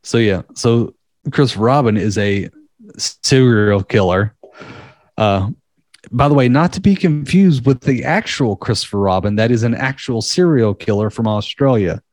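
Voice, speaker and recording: A man co-hosting a podcast, rambling casually and swearing as he tells a dark story. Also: mid-range voice, measured pace, no room sound, studio quality. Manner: rambling, profane, laughing at dark material. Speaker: podcast co-host.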